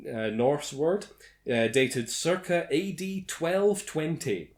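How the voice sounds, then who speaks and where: A man's voice: on the high side, lively intonation, slow. A man hosting a casual movie commentary, reading out trivia with sardonic, sweary mock outrage. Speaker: podcast host reading film trivia.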